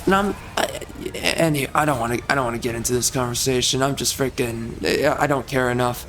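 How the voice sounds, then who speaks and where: A man's voice: medium pitch, brisk, noisy background. A man ranting as he commentates over gameplay, exasperated and heated, repeating himself and swapping in mild stand-ins for curses.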